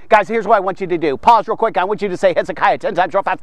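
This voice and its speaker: A man hosting a daily men's devotional, teaching in an animated, conversational way full of rhetorical questions. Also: high voice, a little fast, hardly any pauses, dry recording. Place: studio man cave set.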